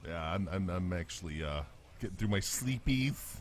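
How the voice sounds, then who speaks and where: A man's voice: sits low, expressive, moderate pace, slight background noise. A man from the Midwest chatting casually as co-host, crude and joking, often stammering and repeating words. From American Midwest. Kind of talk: casual chat.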